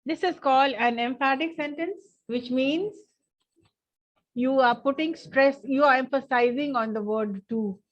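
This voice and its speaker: Woman, Indian English accent, grammar teacher, high voice, slightly muffled online class recording. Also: a little slow. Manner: explains step by step, mixing in Hindi.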